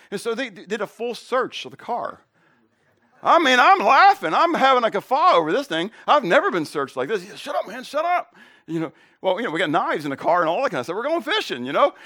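A middle-aged male pastor delivers a sermon as casual talk, pausing to ask the congregation questions and slipping in jokes and stories of his own. His voice sits a little high for a man and moves about with plenty of lift and drop. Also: fairly bright tone. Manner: conversational, asks the congregation questions; jokes and tells personal stories.

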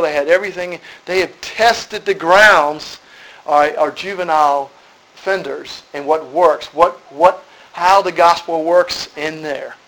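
A man's voice: fairly high pitch, fairly bright tone, a little hiss or hum, rough recording. A middle-aged man, a ministry leader giving an earnest presentation to a church group and repeating points for emphasis. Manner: earnest, repetitive, preacherly emphasis.

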